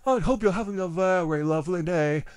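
A man voicing a gentle, slow-witted cartoon bear through an app voice-changing filter, soft and drowsy with slurred consonants. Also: high voice, clear, resonant tone. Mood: cozy.

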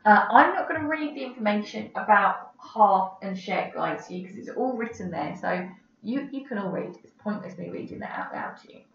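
A woman's voice: medium pitch, lively intonation, moderate pace, gravelly. A woman teaching a recorded English lesson over slides, chatty and full of fillers, checking "okay?" as she goes. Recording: roomy, distant, dull lo-fi audio with faint background noise.

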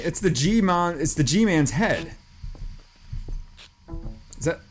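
A man doing let's play commentary on a horror game, jumpy and excitable, piling up repeated exclamations. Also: a little high, slow, soft background music. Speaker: gameplay commentator.

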